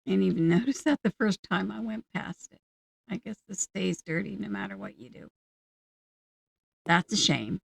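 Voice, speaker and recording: Gravelly voiced woman chatting thru a game, talking to herself, laid back. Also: medium pitch, expressive, no room sound. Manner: musing aloud to herself, unhurried. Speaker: gaming channel host. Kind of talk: casual gameplay commentary.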